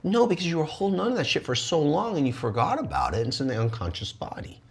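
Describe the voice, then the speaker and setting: A man teaching energy arts in an animated, lively way, often jumping into high playful voices for the people he quotes. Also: fast talker, vocal fry. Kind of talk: animated wellness talk.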